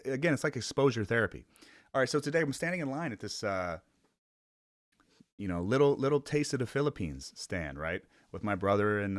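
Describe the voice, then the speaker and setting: A man's voice: mid-range voice, a bit bright, no echo. Rambling young man, dry close sound. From Cleveland area. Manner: rambling, self-conscious, laughs often, swears casually. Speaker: vlogger. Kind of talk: casual rambling vlog chat.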